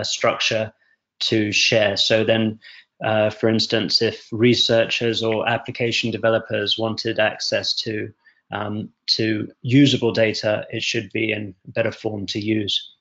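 Gravelly guy presenting tech stuff over a call, lots of ums and restarts, muffled lo-fi sound. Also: medium pitch, a bit bright. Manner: halting, many fillers and restarts. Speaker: guest presenter. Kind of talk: technical presentation on a web call. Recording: dull lo-fi call audio.

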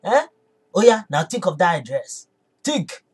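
A man's voice: high voice, very animated, a little slow, slightly rough, full character voice. A man with a Nigerian English accent playing an indignant husband who is upset on his birthday in a comedy sketch, complaining and blustering. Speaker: comedy skit character. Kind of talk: comic sketch acting.

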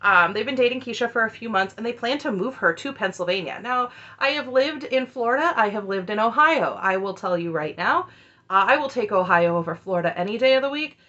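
A woman's voice: on the high side, expressive, fairly quick, sharp tone, lo-fi sound. A woman casually recapping a reality TV episode, chatty and opinionated, with wry asides.

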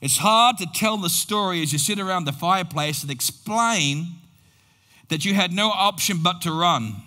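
A high, bright-toned man preaches slowly, building a story with dramatic pauses. His voice rings through a church hall with a long reverb. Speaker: pastor. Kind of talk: sermon storytelling.

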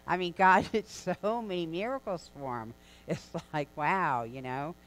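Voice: mid-range voice, unhurried, a bit bright, poor audio. A preacher giving a sermon in a church, in a conversational, storytelling delivery with casual asides. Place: church sanctuary.

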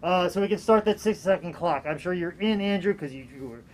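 A man's voice: sits high, a little fast. A man hosting a live online auction, chatting and joking with his guest and counting down the bids. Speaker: host and auctioneer.

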